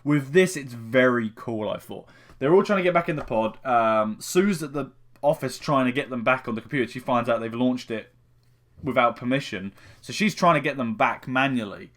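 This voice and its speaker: A man's voice: medium pitch, moderate pace, fairly bright tone. A young man giving a casual spoken film review, rambling and swearing heavily with frequent restarts.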